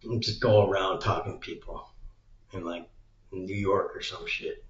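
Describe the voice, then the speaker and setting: A man's voice: low voice, steady tone, moderate pace. A man rambling in a crude, meandering monologue, swearing often. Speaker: vlogger. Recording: roomy, dull lo-fi sound.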